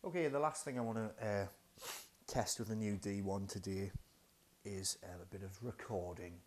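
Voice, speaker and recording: At home in his dining room, a man casually reviews new audio gear, thinking aloud with lots of fillers and hesitations, recorded through the wireless radio mic he is testing. His voice is on the low side with fairly even intonation at a moderate pace, and there is slight background noise.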